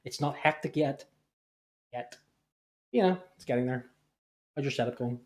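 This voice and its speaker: Rambling, jokey podcast host. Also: male voice, medium pitch, normal speed, a little mellow. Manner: rambling, jokey, swears freely. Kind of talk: casual podcast chat.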